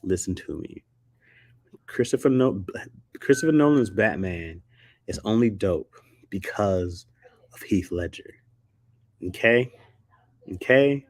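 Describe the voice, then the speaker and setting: A man's voice: fairly low pitch, no echo, studio quality. A man chatting casually on a livestream, slangy and rambling, laughing often. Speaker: streamer.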